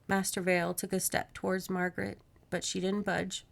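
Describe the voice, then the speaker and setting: A woman with a fairly low, gravelly voice hosts a podcast, reading a horror novel aloud at a normal, even pace. Her narration stays steady and plain, interrupted now and then by friendly asides to her co-host.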